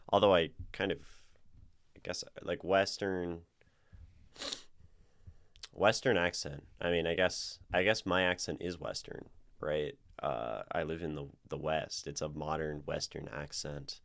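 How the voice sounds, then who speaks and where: A man streaming a casual poetry critique, chatting in a rambling way with restarts and tag questions. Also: extremely low pitch. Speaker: streamer reviewing community writing.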